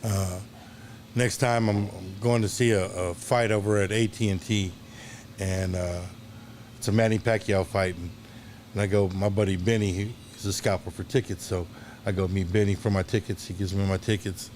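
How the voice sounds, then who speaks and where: Bartender telling lively stories. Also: male voice, low voice, moderate pace, slight background noise. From Dallas, Texas. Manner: animated anecdotes, acts out quoted voices, hesitant restarts. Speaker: guest, longtime bartender. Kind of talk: casual storytelling.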